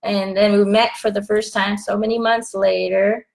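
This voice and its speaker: A woman in her thirties telling a personal story in a casual live chat, animated and laughing often. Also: medium pitch, normal speed, vocal fry. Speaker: vlog host.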